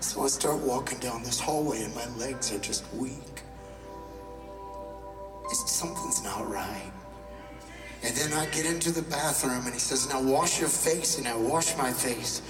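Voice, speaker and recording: A man's voice: mid-range voice, measured pace, long pauses. A man telling a personal story on stage as a motivational speaker, candid and confessional, now and then swearing. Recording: echoey hall from far off with loud music.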